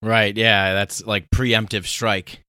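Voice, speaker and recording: A man's voice: fairly low pitch, little pitch movement, slow, pushed and bright, smooth, no echo. A man from the United States hosting an interview in a loose, filler-heavy way, often laughing. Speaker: podcast host. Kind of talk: casual interview talk.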